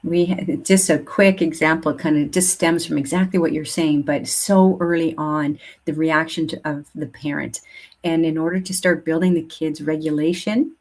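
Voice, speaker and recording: A middle-aged woman, a speech therapist guest, explaining in a calm way and acting out parents and toddlers. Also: sits low, normal speed. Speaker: speech language pathologist guest. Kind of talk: casual interview chat.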